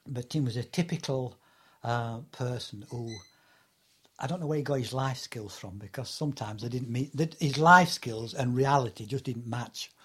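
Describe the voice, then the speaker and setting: A man's voice: mid-range voice, darkish tone, slightly rough. An older man from England telling anecdotes in an oral history interview, rambling with many fillers and bursts of laughter. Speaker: interviewee recalling Antarctic fieldwork.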